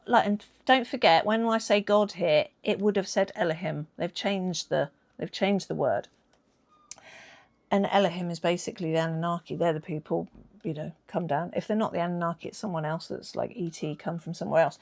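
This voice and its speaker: A woman's voice: lowish voice, fairly quick, gravelly. Chatty woman talking to camera. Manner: chatty, emphatic, rambling with asides. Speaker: video host. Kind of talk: casual talk to camera.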